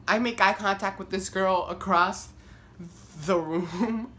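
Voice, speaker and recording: A young man vlogging, telling a story casually and rambling with lots of "like" fillers, getting animated as he goes. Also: high-pitched, slow pace. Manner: rambling, heavy use of "like", self-deprecating; animated, voice climbs when worked up.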